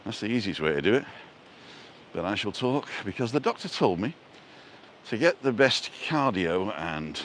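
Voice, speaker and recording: A man's voice: low voice, a bit bright, slight background noise. A man hosting a casual walking live stream, talking into a handheld phone outdoors with a chatty, self-mocking, punning way of speaking. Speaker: vlogger and live-stream host. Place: outdoors, walking along a street in a seaside resort. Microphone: handheld phone camera.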